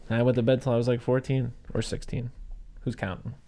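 A man's voice: mid-range voice, flat delivery, a little fast, mellow. A man co-hosting a podcast, chatting casually with loose, profane banter. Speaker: podcast co-host. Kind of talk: casual chat.

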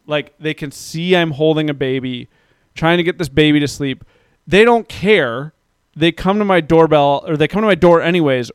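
A man in his thirties telling a story in a casual, profane rant that grows heated and loud. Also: on the high side, clean tone, no room sound, studio quality. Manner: ranting, profane, gets heated and loud when recounting.

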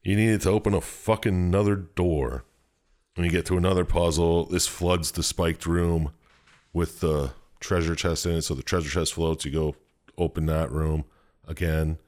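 A man with a very deep, low voice recaps a video game for friends. His storytelling is profane and animated, full of swearing. The talk stays loose and conversational. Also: normal speed.

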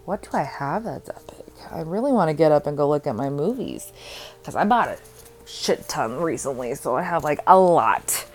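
A woman's voice: low voice, big pitch swings, moderate pace, a little hiss or hum. A young woman hosting a casual solo podcast from home, rambling, giggling and joking at herself. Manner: rambling, giggly and self-deprecating. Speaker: podcast host.

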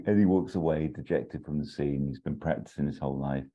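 A man's voice: rumbling low, a little fast, lo-fi sound, a little hiss or hum. A man telling a story idea in a casual chat, rambling with fillers and restarts and acting out the quotes. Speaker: podcast co-host pitching a story.

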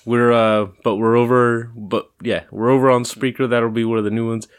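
A man's voice: medium pitch, level tone, normal speed, clear, resonant tone. A man co-hosting a podcast in a stoned, rambling way. He is laid-back and swears freely, with plenty of fillers and restarts. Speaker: podcast co-host. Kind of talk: casual podcast chat.

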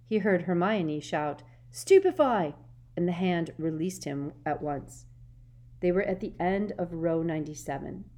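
Woman narrating an audiobook, low voice. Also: normal speed, dark tone.

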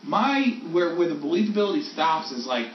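A man's voice: big pitch swings, fairly quick, a little hiss or hum. A man co-hosting a casual podcast, wry and teasing, steering the conversation along. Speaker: podcast co-host. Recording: roomy, distant, dull low-fi sound with faint ambience.

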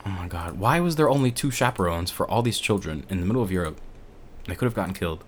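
A man with a somewhat low voice talks through a film recap in loose, rambling podcast chat. He sounds laid-back and casual, throws in the odd swear word, and chuckles at the silly moments. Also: expressive, quick pace, slightly rough. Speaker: podcast co-host.

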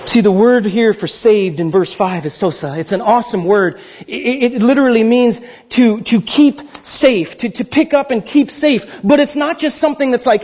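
A man in his thirties preaching a sermon as pastor, swinging from loud, high exclamations to slow, hushed pleading. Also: dull audio.

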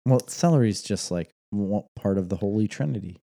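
A man in his late thirties chatting casually as a co-host, with a low, mellow voice. He teases his partner and drops easy jokes. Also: animated, a little fast, vocal fry. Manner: teasing, jokey. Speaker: podcast co-host. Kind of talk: casual chat.

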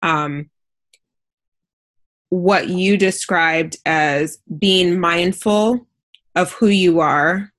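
A woman's voice: fairly low pitch, drawn-out words, pauses often, a bit bright. A woman hosting a podcast, asking long, thoughtful, winding questions with frequent fillers. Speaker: podcast host. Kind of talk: interview questions, casual.

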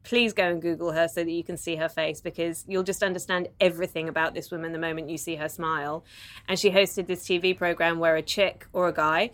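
A woman's voice: on the low side, fairly even intonation, fairly quick, a bit bright. Chatty southern English woman host. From southern England. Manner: chatty, playful, laughs often. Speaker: podcast host. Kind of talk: casual chat.

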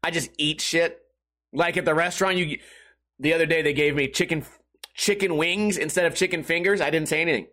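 A man's voice: a little high, steady tone, brisk, sharp tone. A young man hosting a solo podcast, rambling casually with lots of swearing and laughing at his own jokes. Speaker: podcast host.

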